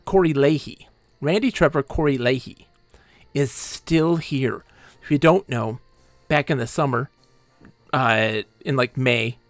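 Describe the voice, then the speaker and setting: Animated streamer man, dry close sound. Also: a little high, no room sound. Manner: animated, rambling retelling with fillers and asides. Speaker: game streamer. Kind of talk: casual storytelling to a live stream. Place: home room.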